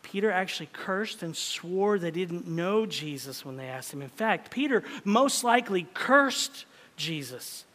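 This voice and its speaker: A male pastor preaching a sermon in a dramatic style, swinging between loud emphasis and hushed whispers. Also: high voice. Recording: long reverb of a large hall.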